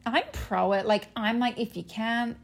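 A woman co-hosts a podcast in easygoing, laughing banter, cursing freely. Her voice has a gravelly, creaky edge. She sits at a studio mic. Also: on the high side, fairly even intonation, a little slow. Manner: chatty, laughing, swears freely. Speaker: podcast co-host. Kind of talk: casual chat.

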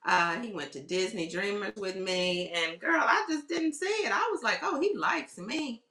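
A woman's voice: mid-range voice, lively intonation, moderate pace, crowd noise. A woman in her forties, a radio producer, telling candid stories and laughing through them in a casual interview. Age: 40s. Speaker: radio show producer and talent booker. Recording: roomy echo.

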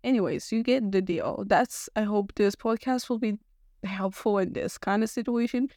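Rambling young woman with a gravelly edge. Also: mid-range voice, normal speed, mellow, no room sound, studio quality. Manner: rambling, full of fillers and restarts. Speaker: podcast host. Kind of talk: casual solo podcast chat.

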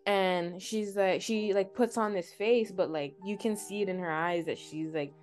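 A woman's voice: medium pitch, normal speed, faint music behind. A young woman, co-host of a podcast, casually retelling a tale with lots of filler words. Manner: chatty, filler-heavy retelling. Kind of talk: casual storytelling.

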